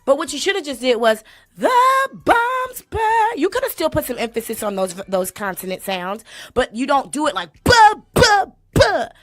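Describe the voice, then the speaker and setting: A woman's voice: fairly high pitch, animated, brisk. Sassy woman mocking a singer. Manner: sassy, mocking, imitates singing in loud exaggerated bursts. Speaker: host critiquing a singer. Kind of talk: comedic vocal critique. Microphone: desk mic.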